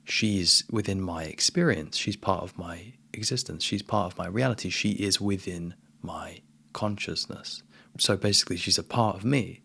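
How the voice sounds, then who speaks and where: A man giving a casual spiritual monologue as a coach, relaxed and emphatic, often calling the listener "man". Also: low-pitched, moderate pace, creaky, slightly rough.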